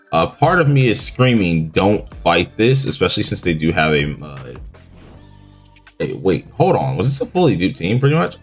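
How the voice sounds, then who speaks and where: A young man with a deep, low-pitched voice, still groggy with morning voice, talks casually through a mobile game match. His delivery is loose and rambling, full of fillers and slang. Soft music plays faintly underneath. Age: young adult. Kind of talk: casual gameplay commentary.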